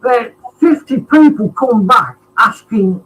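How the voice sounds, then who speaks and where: High-voiced rambling man. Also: expressive, a little slow, fairly bright tone, husky, low-quality recording. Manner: rambling with many fillers. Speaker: chat guest. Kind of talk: casual live-stream chat.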